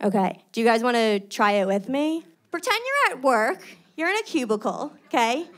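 Brash, high-voiced New comedian. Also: female voice, big pitch swings, moderate pace. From New York. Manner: brash, conversational, loud. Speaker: stand-up comedian. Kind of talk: stand-up comedy set. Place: stage before a live audience. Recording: live set with audience noise.

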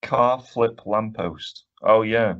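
A podcast co-host with a low, slow voice rants and swears his way through a casual film review chat, laughing often. The recording is dull, lo-fi podcast audio.

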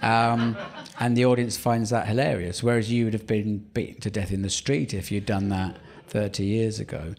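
A man in his fifties with a Surrey home counties accent talks in a fairly low voice. He tells wry, rambling stories on a theatre stage, breaking off and restarting his sentences as he goes. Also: level tone, normal speed, darkish tone. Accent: English, Surrey home counties. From England. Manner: rambling, self-interrupting, wry. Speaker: stand-up comedian, guest. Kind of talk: live podcast interview, anecdotal storytelling. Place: theatre stage before a live audience.

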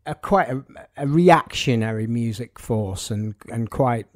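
A man's voice: mid-range voice, animated, measured pace, darkish tone. A man, a music journalist telling anecdotes in an interview, with a dry, wry humour.

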